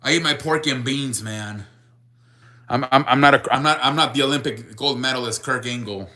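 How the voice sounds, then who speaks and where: Bright young man chatting on a live stream. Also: mid-range voice, normal speed. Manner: rambling, restarts, reads chat aloud. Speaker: sports show host. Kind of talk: casual live-stream chat with viewers.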